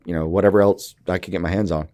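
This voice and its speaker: Deep-voiced rambling podcast co-host man. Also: steady tone, fast, mellow, no room sound. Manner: rambling, hesitant, joking. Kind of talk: casual chat.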